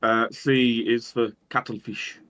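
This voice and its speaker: A man's voice: mid-range voice, flat delivery, takes it slowly, sharp tone, slight background noise. A man co-hosting a casual tabletop game discussion, giving dry, understated opinions. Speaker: podcast co-host.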